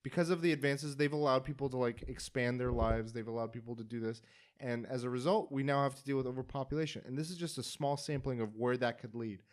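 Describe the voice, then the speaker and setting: A man's voice: mid-range voice, fast. Guy on a podcast rambling through a story, acts out the lines, lots of likes and ums. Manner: animated storyteller, acts out quotes. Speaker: podcast host. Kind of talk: casual spoiler chat.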